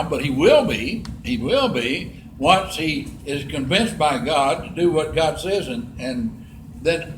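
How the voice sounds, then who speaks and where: A man's voice: a little high, fairly bright tone, a little hiss or hum. A man preaching a Bible lesson, reading scripture aloud and adding folksy commentary. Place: church sanctuary. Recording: echoey church room.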